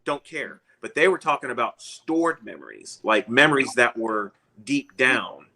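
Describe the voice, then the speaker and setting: A man's voice: medium pitch, very animated, normal speed, gravelly, bright, forceful tone, poor audio. A man, a guest, telling a long personal story in a casual, rambling way and chuckling often.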